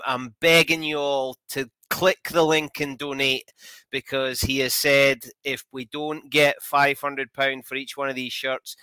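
A man's voice: medium pitch, pushed and bright, clear, resonant tone, no echo, low-quality recording. A man hosting a podcast in casual chat, upbeat and teasing. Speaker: podcast host.

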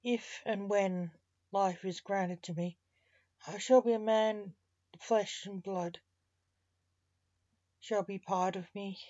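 A woman reading a story aloud in measured, soft-spoken narration, in a muffled lo-fi recording. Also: medium pitch, steady tone, dry recording.

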